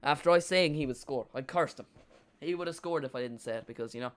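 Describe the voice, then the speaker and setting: Chatty man with a smooth voice. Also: fairly high pitch, fast. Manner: rambling, jokey, chats with live chat. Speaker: watch-along host. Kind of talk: live football watch-along commentary.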